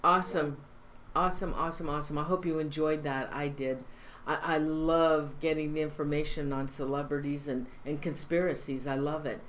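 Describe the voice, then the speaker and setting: A woman's voice: low voice, steady tone. A woman hosting a live online show, talking casually and rambling, with lots of fillers and restarts. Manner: rambling, halting with many fillers. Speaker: show host. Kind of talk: casual live-stream talk.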